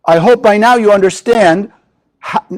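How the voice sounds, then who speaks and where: A man teaching Kabbalah in a spiritual lecture, animated and asking the audience rhetorical questions. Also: high-pitched, normal speed, low-quality recording.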